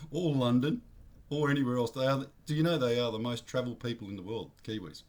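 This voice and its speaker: A man's voice: medium pitch, fairly quick, a little mellow. An Australian man vlogging his blunt opinions in a rambling, slangy monologue, often correcting himself mid-sentence.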